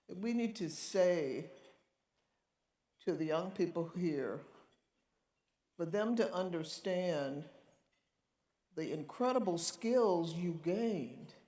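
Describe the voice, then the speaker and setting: Slow-spoken woman moderator in a hall. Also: on the low side, warm tone, far from the mic. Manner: slow, deliberate questioning. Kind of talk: onstage interview questions. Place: large conference hall. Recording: roomy hall, voice from off-mic.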